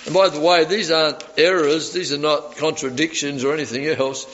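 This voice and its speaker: A man's voice: a little high, fairly even intonation, moderate pace, fairly bright tone, highs cut off. A male pastor giving a sermon, teaching through scripture with casual asides and rhetorical questions.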